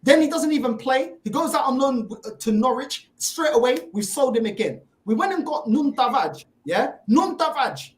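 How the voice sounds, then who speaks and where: A woman's voice: high voice, lively intonation, moderate pace, few pauses. A woman, ranting as a panelist on a fan discussion show, exasperated and mocking. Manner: exasperated, mocking, repeats "bro". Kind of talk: heated fan rant. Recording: echoey room.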